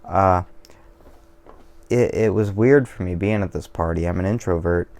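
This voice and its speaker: Gravelly, low-voiced man rambling. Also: measured pace, a little mellow. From Washington State, USA. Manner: digressive, profane, self-deprecating. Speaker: vlogger. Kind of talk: casual rambling monologue over beer.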